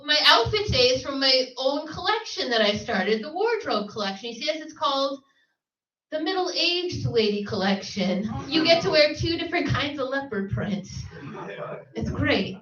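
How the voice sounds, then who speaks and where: A woman's voice: sits high, animated, normal speed, fairly bright tone, muffled recording. A woman hosting a comedy night in a brash, boastful, crude comedic persona. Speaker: open mic host. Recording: echoey room, far from mic, noisy.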